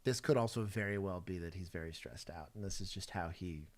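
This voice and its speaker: A man with a Texas accent, a former police officer co-hosting a casual livestream, laid-back and often laughing, his sentences trailing off softly. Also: sits low, fairly quick.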